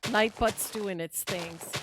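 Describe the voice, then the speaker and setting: A woman's voice: medium pitch, sharp tone. A woman streaming a game live, chatting casually and expressively with her viewers and reacting with laughs and sighs. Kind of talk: casual live-stream chat while gaming.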